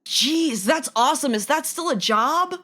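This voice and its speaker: Bright, playful woman podcast co-host. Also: high voice, animated. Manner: playful, quick to laugh, slips into silly voices. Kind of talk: casual comedic chat.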